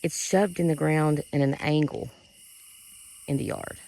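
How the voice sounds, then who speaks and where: A vlogger in a rural yard at night, puzzled and talking in hushed bursts into a handheld phone. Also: mid-range voice, fairly even intonation, a little slow, gravelly, rough recording. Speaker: vlogger investigating sounds. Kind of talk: casual outdoor vlog. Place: outdoors at night in a rural yard by a wooded ridge.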